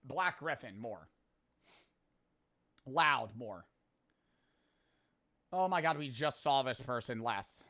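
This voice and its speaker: A young man in his twenties giving excitable live commentary as he plays a game, muttering low and then shouting, swearing freely. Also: slow pace, pauses often. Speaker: gaming streamer. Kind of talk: live gaming commentary to chat.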